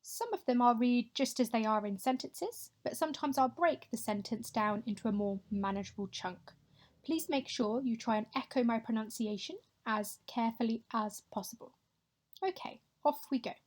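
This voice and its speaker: Patient woman teacher, slightly high voice. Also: a little mellow. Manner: clear, patient, models pronunciation slowly. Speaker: Spanish teacher. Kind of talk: recorded voice-over lesson. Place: home or classroom, voice-over on slides.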